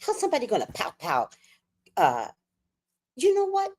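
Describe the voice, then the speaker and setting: A woman telling a storytime rant on her livestream, animated, worked up and swearing freely. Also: fairly high pitch, moderate pace, breathy edge. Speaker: livestream host.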